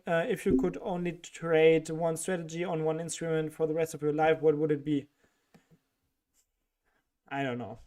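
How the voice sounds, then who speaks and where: German-accented man with a clear voice. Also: on the high side. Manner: reads chat questions aloud and answers with frequent laughs and fillers. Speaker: livestream host answering chat. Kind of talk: casual livestream Q&A.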